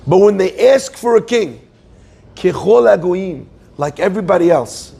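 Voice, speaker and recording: A man giving a Torah class as a sermon to a live audience, lively and joking in asides. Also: high voice, normal speed, vocal fry, slightly rough.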